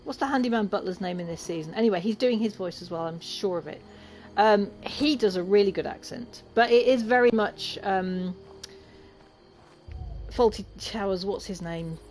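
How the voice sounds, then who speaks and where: A woman's voice: medium pitch, moderate pace, darkish tone, soft background music. A woman from Lincolnshire with an English accent, chatting casually and laughing often while streaming a game. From Lincolnshire, England. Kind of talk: casual gaming chat.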